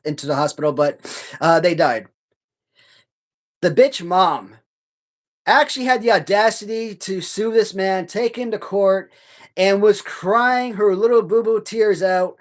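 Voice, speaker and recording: A man hosting a live stream in casual chat, swearing heavily as he rants in a heated, halting way full of restarts. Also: high voice, steady tone. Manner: profane, heated ranting; halting, many restarts and fillers.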